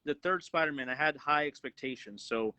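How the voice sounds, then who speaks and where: A man co-hosts a casual movie review chat, fired up and profane, sometimes acting out lines from the films. His voice sits a little high and sounds bright and forceful. The recording is dry, with no room sound. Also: fairly quick, clean tone, no echo, poor audio. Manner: excited, profane, acts out quotes. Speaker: podcast co-host, movie reviewer.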